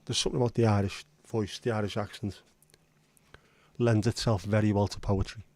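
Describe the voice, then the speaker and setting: A man's voice: fairly low pitch, flat delivery, fairly quick, a little mellow. A man hosting a livestream in casual, rambling chat, blunt and now and then swearing. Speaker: livestream host.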